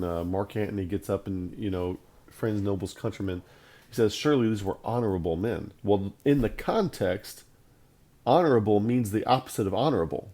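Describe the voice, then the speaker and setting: Mellow low-voiced Bible teacher. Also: male voice. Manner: emphatic, conversational, repeats points for stress. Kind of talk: video Bible lesson.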